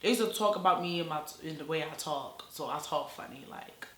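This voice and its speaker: A young woman from Baltimore with a Baltimore accent, telling a rambling, animated storytime full of "like" and slang. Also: deep voice, brisk, roomy sound, heavy background noise. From Baltimore, USA. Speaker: YouTuber. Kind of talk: casual storytime vlog.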